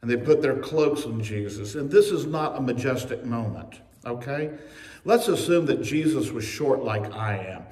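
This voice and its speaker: Male pastor, mid-pitched, preaching with lively storytelling; reverberant church sound from afar. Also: moderate pace. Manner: storytelling, humorous asides, acts out quotes. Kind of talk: sermon. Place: church sanctuary. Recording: echoey church recorded from a distance.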